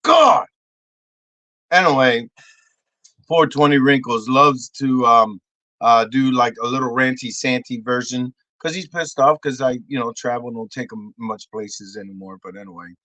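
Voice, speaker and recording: A man's voice: medium pitch, moderate pace, pushed and bright, no echo, rough recording. A man doing a comedy sketch, answering in mumbled, stammering denials. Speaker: comedy creator.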